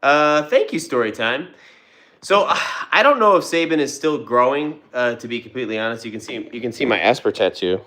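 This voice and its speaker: Lively young man chatting on a livestream. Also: medium pitch, brisk. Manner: loose, rambling, with fillers and restarts. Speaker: livestream host and dog owner. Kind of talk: casual livestream chat. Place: home, with dogs nearby. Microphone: phone on a tripod, vertical stream.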